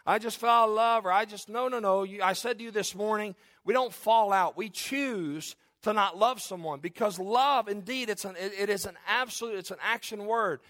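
A man's voice: sits high, moderate pace, few pauses, fairly bright tone, no echo. A man in his forties preaching an earnest, conversational sermon in a church, often restarting and repeating phrases. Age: 40s. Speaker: pastor.

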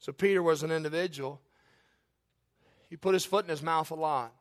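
A man preaching a sermon, telling stories in lively, emphatic bursts. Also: moderate pace. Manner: animated storytelling with sudden loud high bursts. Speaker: pastor.

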